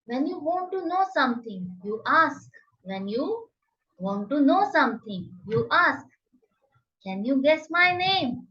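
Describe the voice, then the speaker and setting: A woman teaching a children's phonics lesson, enunciating each word slowly and carefully in a sing-song drill. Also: high voice, sing-song, far from the mic, lo-fi sound.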